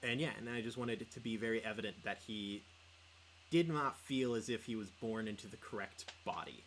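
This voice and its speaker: A man's voice: lowish voice, a little fast, a little hiss or hum, poor audio. A young man chatting casually on a livestreamed podcast, rambling with lots of filler words. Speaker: podcast co-host and player.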